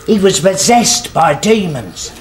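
An old pub regular with no name, grumbling and slow. His voice is fairly high and lively, and it drags along unhurried. Hissing noise runs in the background. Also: exaggerated voice.

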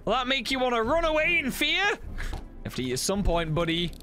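Gamer host, male, high lively voice that leaps all over, taunting and yelling, drawn-out delivery, loud game music underneath. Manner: excitable, laughing, taunting and shouting. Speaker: gaming streamer. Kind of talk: casual gameplay banter.

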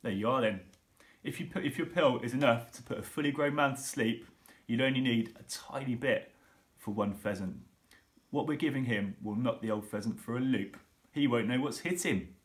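A man's voice: medium pitch, normal speed, natural voice. A man reading aloud and voicing an affectionate father carried away by his own plan. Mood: reassuring. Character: doting father, dreamy and enthusiastic.

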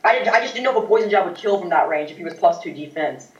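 A man doing casual let's-play commentary as a gaming video host, rambling and breaking into loud excited outbursts. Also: high-pitched, very fast. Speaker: gaming YouTuber. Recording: echoey, distant, dull mic.

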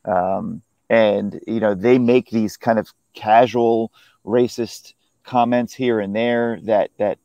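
A man, a film critic, chatting casually about a film he saw, often pausing and restarting his sentences. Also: lowish voice, fairly even intonation, dark tone, dry recording, highs cut off. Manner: hesitant, full of restarts and "you know". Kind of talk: casual film review chat.

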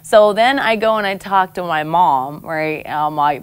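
Woman from american samoa, low voice, blunt and lively storytelling in an interview, laughs a lot. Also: a little slow, hardly any pauses, clear, resonant tone. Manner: frank and expressive, laughs often. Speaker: interview guest. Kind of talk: candid conversational storytelling.

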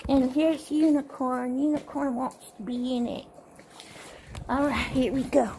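A woman making a casual video message, talking slowly and simply to a child. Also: sits high, steady tone, noisy background. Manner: slow, simple, sing-song talk to a child.

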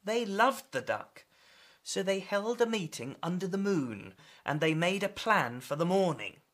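A woman reading a picture book aloud to children with an expressive, animated delivery. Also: fairly low pitch, unhurried. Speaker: storyteller.

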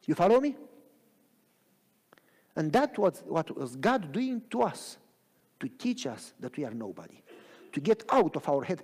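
Animated preaching man in a reverberant church. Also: fairly high pitch, a little slow, pauses often, breathy edge. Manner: animated preaching with frequent rhetorical questions. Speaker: pastor. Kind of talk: sermon. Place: church sanctuary.

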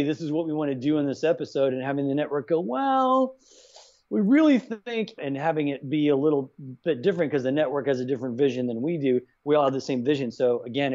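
A middle-aged man, a writer-director guest, chatting in an interview and acting out quoted dialogue as he tells stories. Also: medium pitch. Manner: animated, acts out quoted dialogue. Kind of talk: casual interview storytelling. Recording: dull lo-fi sound.

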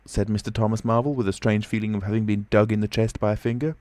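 A man narrating an audiobook of a classic novel in a measured, even reading. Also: on the low side, no room sound. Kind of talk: scripted narration.

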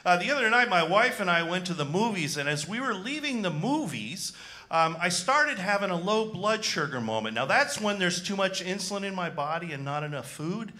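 Animated male stand-up comedian. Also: sits high, moderate pace. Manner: animated, self-deprecating, with frequent fillers. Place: comedy club stage.

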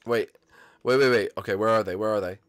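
A young man hosting a gaming channel, excitedly commentating his own gameplay and calling out to other players and viewers. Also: on the low side, fast, soft background music.

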